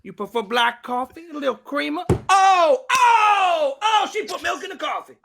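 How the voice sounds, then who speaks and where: A man doing an impression of an excitable middle-aged game-show host. He stretches out his exclamations. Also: very high voice, normal speed, creaky, background noise, voice pushed up, heavily acted. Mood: excited.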